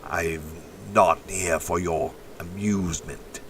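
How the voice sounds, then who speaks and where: Picture a touchy, offended French-accented man, drawled slowly and pitched a shade low, as a man puts him on mid-chat. He sounds a little distant from the mic, with a faint hiss underneath. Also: steady tone, a bit bright. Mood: indignant.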